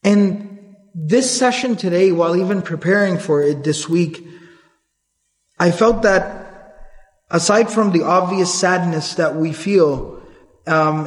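High-voiced man giving an earnest lecture. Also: long reverb tail. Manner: earnest storytelling, recites Arabic then translates. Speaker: Islamic lecturer. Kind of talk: religious lecture.

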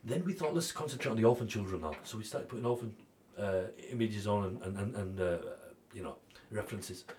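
A man making a charity appeal on TV. He swings between loud, pressing urging and hushed, intimate storytelling. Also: lowish voice, a little fast, slight background noise. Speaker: charity fundraiser. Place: TV studio.

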